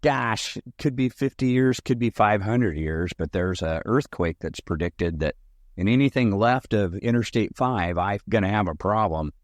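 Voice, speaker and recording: A man voicing his brother as an upbeat, folksy salesman pitching a boat. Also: lively intonation, moderate pace, no echo, clean studio sound, close to an everyday voice. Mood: musing. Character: eager persuasive brother selling a boat, man.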